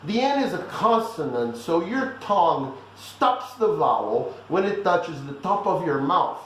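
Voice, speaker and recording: A man's voice: fairly high pitch, sing-song, a little slow, a bit bright, heavy reverb, a little hiss or hum, rough recording. A man giving a blunt, teasing pronunciation lesson that keeps checking in with the listeners. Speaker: language teacher.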